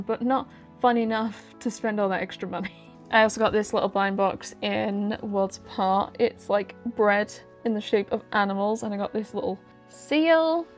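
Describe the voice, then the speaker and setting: Young woman rambling about her haul, jokey and self-mocking, bit of music in the back. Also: medium pitch. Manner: chatty, self-deprecating, rambling asides. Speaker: vlogger. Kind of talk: casual haul vlog.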